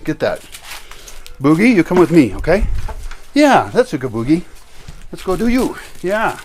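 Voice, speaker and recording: A man's voice: on the high side, big pitch swings, moderate pace, darkish tone, a little hiss or hum. Man calling and coaxing his dogs. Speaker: vlogger. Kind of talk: casual vlog, talking to his dogs.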